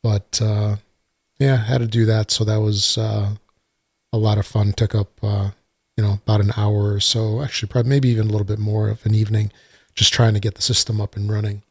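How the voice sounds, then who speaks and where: Gravelly low-voiced man hosting a podcast. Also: level tone, fast talker, no echo. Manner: rambling, many uhs, dry sarcasm. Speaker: podcast host. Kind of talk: casual solo podcast talk. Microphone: desktop computer mic.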